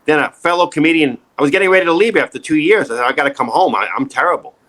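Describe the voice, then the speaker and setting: A man's voice: fairly high pitch, racing. A middle-aged man, an acting coach, talking in an emphatic, repetitive way in a casual interview. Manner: emphatic, repetitive, animated storytelling.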